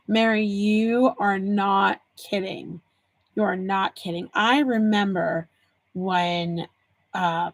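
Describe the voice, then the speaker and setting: Here a woman in her forties hosts a live stream, crafting while she chats casually, tells stories, and responds to what viewers comment. Her voice is medium in pitch, and there's no echo.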